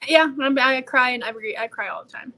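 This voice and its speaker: A young woman co-hosting a podcast, telling stories in a gushy, animated way and leaning on "like" and "literally.". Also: high-pitched, fairly quick. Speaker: podcast co-host. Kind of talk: casual chat.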